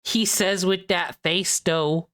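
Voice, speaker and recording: A woman's voice: fairly low pitch, steady tone, slow, fairly bright tone. A young adult woman streamer giving sarcastic, mocking commentary with profanity and mock concern. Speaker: streamer reacting to videos.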